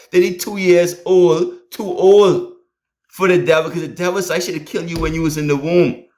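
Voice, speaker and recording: Emphatic preacher man. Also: a little high. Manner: emphatic, repetitive rallying phrases, storytelling. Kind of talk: sermon.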